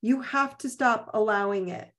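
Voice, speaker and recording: A woman's voice: fairly high pitch, normal speed, a bit bright. A woman hosting a live online self-help session, talking bluntly and emphatically and repeating her key phrases. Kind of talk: live motivational coaching talk. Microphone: video call.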